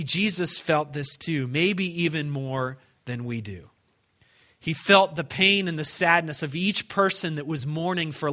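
A male pastor preaches with a bright, forward tone sitting slightly high for a man. He tells stories earnestly, often restarting phrases, and drops quiet on his key lines. He speaks to his congregation in a church. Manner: earnest storytelling with frequent restarts, dropping soft on key lines. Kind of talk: sermon.

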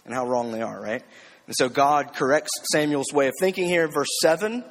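A man's voice: medium pitch, moderate pace, in a large hall, a little hiss or hum. A man preaching a conversational sermon, often checking in with rhetorical questions and slipping in light self-deprecating jokes. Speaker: preacher teaching a series.

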